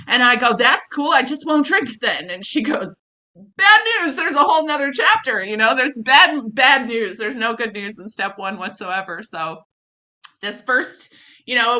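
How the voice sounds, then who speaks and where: Woman, middle-aged, candid storytelling, profane, self-deprecating, bright voice. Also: a little high. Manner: blunt, profane, self-mocking, animated quoting. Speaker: speaker sharing recovery story. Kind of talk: candid personal story talk.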